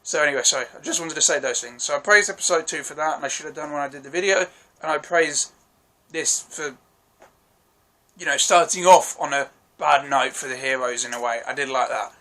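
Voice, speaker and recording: A young man talks through a TV episode in a casual solo vlog. His voice sits a little high and sounds bright and tense, and he rambles eagerly with frequent self-corrections and apologies. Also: brisk. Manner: enthusiastic, rambling, swears freely. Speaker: TV episode reviewer.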